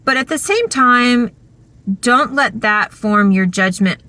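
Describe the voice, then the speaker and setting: Chatty woman vlogger telling a story, slow drawl, kinda high voice. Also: no room sound. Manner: animated, chatty, uses lots of fillers. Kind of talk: casual storytelling.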